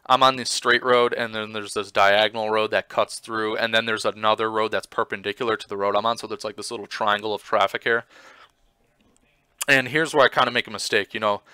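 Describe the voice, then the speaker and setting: Over video of his own motorcycle ride, a man offers casual commentary in a clean-toned, lowish voice. He rambles with plenty of fillers and grows excited as he retells what happened.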